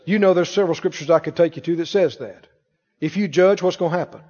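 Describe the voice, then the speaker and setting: A high-pitched male preacher delivers a forceful sermon, throwing rhetorical questions at the congregation and leading them in call-and-response. His voice rings out with a long reverb tail in a large hall. The recording itself sounds dull and muffled, with the highs rolled off. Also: fast. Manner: emphatic, asks rhetorical questions and calls the congregation to repeat after him. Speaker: pastor.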